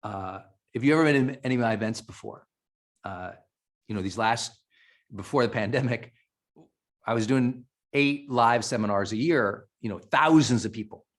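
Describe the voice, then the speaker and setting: A man's voice: medium pitch, normal speed. A middle-aged man from Montana giving an emphatic, emotional motivational speech to a live audience, often restarting his sentences. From Montana, USA. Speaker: keynote speaker.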